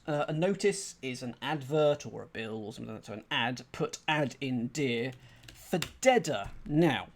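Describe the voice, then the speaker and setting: A man streaming a crossword solve, thinking aloud in a chatty, self-deprecating way and reading clues out slowly. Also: medium pitch, darkish tone. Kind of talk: casual thinking-aloud commentary.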